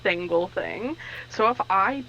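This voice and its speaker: A chatty woman at a game table who is quick to joke at her own expense. Her voice is bright and forward, with faint hiss in the background. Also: medium pitch, animated, highs cut off. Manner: chatty, self-deprecating. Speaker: player. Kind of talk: casual chat at a game table.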